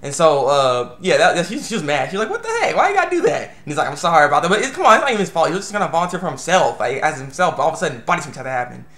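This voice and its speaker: A young man reviewing an anime episode in a rambling, excitable way, full of restarts and fillers. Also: fairly high pitch, very fast, hardly any pauses, roomy sound. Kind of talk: casual video review.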